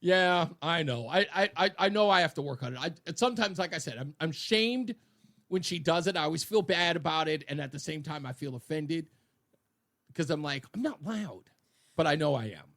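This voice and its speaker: A man hosting a radio talk show, chatting casually with a loud, booming, animated delivery in a studio. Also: a little fast. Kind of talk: casual on-air banter.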